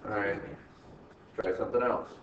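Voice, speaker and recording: A man's voice: lowish voice, fairly even intonation, normal speed. Joking man lecturing a class. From United States. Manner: quizzes the class with constant tag questions, teasing jokes. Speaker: accounting instructor. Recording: echoey classroom from far off, muffled, faint hiss.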